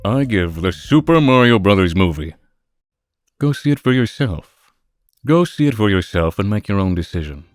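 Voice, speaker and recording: A deep-voiced man delivering a heated monologue, pressing each point with earnest conviction. His tone is passionate and ranting, like a diatribe. Gentle music plays softly behind him. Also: very animated, moderate pace, dry recording, studio quality. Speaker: video reviewer. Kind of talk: opinionated film critique monologue.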